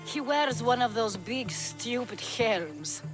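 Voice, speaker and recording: A woman's voice: a little high, lively intonation, slow, music in the background. An actress playing a sultry, teasing female brothel madam.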